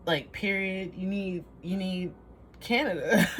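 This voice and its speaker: A woman's voice: fairly low pitch, moderate pace, slight background noise. A woman giving a casual tarot reading to camera, rambling, trailing off and laughing at herself. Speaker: tarot reader.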